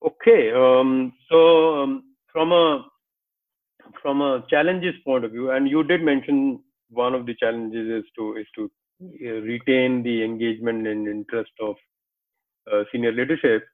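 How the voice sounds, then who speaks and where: A man with a mid-range voice hosts an interview over a narrow, phone-like line. He affirms his guest and lays out his follow-up questions in a measured way, pausing often on fillers. The sound is thin and tinny. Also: mid-range voice, steady tone. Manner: affirming, measured, frequent hesitations. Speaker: interview host. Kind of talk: conversational interview. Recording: tinny phone-like call audio.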